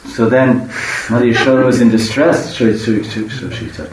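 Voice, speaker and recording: A man's voice: medium pitch, moderate pace, hardly any pauses, a little mellow. A man telling a devotional story in a rambling way, restarting often and stopping to explain words. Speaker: religious storyteller. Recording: echoey room, far from the mic, faint hiss.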